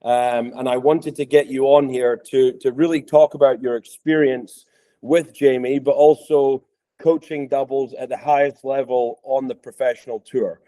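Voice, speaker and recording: Podcast host, scottish man, thirties, softened accent, mellow dark voice, chatty with lots of ums. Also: mid-range voice, fairly even intonation, normal speed. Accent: Scottish, softened by years in the US. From Scotland. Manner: chatty, with frequent ums and restarts. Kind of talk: casual interview chat.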